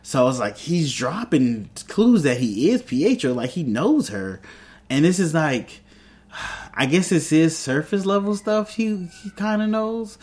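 A man casually recapping a TV episode, rambling and restarting often, dropping into quick quoted voices for the characters. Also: a little high, animated. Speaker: TV show reviewer.

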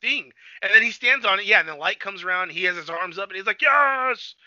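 This high-voiced man talks fast as he co-hosts a movie review podcast, retelling the plot in a loose, chatty ramble full of "like" and lively impressions of characters. The audio is slightly muffled lo-fi and completely dry, with no echo.

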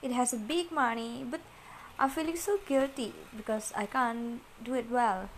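A woman talking straight to her listeners in a personal, confessional monologue. She speaks softly and haltingly, repeats herself and searches for words. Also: fairly high pitch, a little hiss or hum, low-quality recording. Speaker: vlogger.

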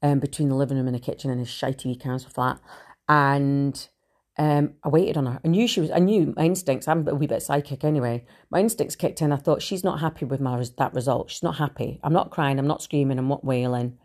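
A Scottish woman with a Glasgow accent, telling her own story in a blunt, animated monologue full of swearing. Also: rumbling low, brisk. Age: adult with three children. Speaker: speaker sharing her recovery story.

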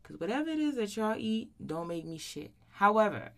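This thirty-something woman runs a solo podcast, talking casually in a sing-song, mid-range voice at a fairly quick clip. Her monologue is blunt, profane and slangy, with "right?" frequently capping her lines.

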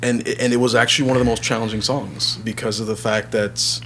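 A male singer-songwriter talks loosely about his songs in a relaxed, rambling interview manner. His voice sits at an ordinary mid pitch. A faint hum runs under the recording. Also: brisk. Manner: relaxed, rambling storyteller, acts out quotes. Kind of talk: casual interview chat.

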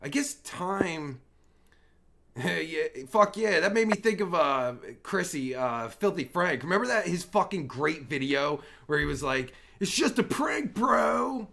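A crude, foul-mouthed male streamer with a gravelly, fry-laden voice. His pitch swings widely as he mocks and rambles through a livestream commentary. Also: animated, a little slow, pushed and bright. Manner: crude, profane, rambling and mocking. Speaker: livestream host.

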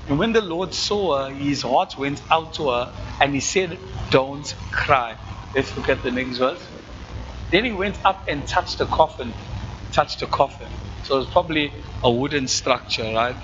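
A man's voice: medium pitch, dull audio, noisy background. A man with a South African accent preaching a conversational sermon to his congregation, often checking that they follow along. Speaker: pastor.

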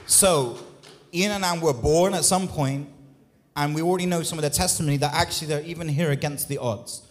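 A man preaches as lead pastor, his voice pitched a little high. He surges into loud, drawn-out lines and then drops into quick, quieter asides. The sound carries a long reverb from a church hall. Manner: impassioned, swings between loud rises and quick quiet asides. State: out of breath. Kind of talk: sermon.

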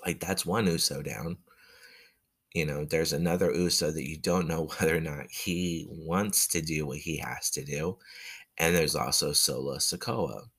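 A man giving a casual, rambling recap of a wrestling match, halting often with fillers and restarts. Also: a bass voice, fairly even intonation, a bit bright, husky.

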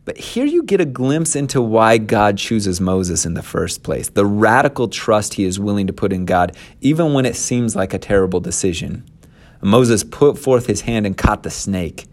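A man's voice: on the low side, animated, normal speed. A man retelling a scripture story in a casual, conversational way and adding his own commentary. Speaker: scripture teacher.

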